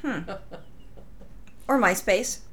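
A woman's voice: mid-range voice, very slow, fairly bright tone, husky. Woman, podcast co-host, blunt, cursing, casual chat, storytelling, frequent restarts.

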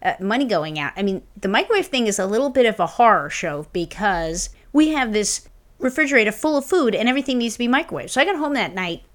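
A woman's voice: mid-range voice, big pitch swings, fast talker. A woman co-hosting a podcast in casual chat, joking and swearing in a laid-back way. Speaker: podcast co-host.

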